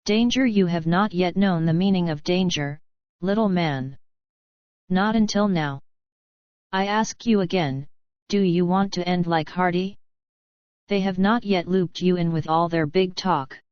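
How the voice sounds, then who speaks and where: A woman's voice: on the low side, unhurried, smooth, no room sound, lo-fi sound, natural voice. A woman reading the part of Kurt, a scornful young foreign man who whispers urgent warnings, in an audiobook.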